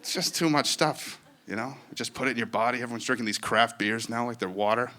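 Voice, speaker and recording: A man's voice: mid-range voice, a little fast, sharp tone. A man doing stand-up comedy in a wry, conversational way.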